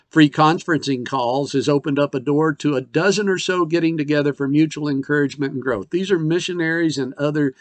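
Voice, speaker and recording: A man's voice: a little high, no room sound. Earnest missionary man preaching, dry sound. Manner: earnest, paraphrasing scripture with rising and falling emphasis. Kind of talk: sermon.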